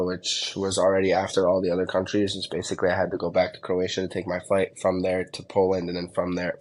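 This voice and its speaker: Podcast guest: man from New Jersey, very low voice, casual rambling storyteller. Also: darkish tone. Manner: rambling, filler-heavy.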